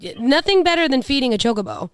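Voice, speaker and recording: A woman's voice: high-pitched, sing-song, fast, clean tone, dry recording. A woman in her thirties with a New York accent, talking and laughing in a casual podcast chat. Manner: chatty, laughing, swearing, restarts often. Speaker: podcast co-host.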